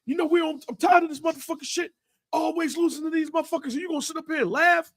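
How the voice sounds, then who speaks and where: A man putting on a furious shouting old father. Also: high-pitched, big pitch swings, normal speed, vocal fry, no room sound, pitched above the performer's own voice, full character voice. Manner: shouting, cussing, accusing. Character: furious older father, a diehard football fan.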